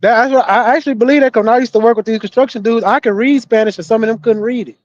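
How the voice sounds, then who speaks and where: High-voiced man, dull dry lo-fi audio. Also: racing, dry recording. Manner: loose, profane storytelling with frequent laughs. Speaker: podcast co-host. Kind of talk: casual chat.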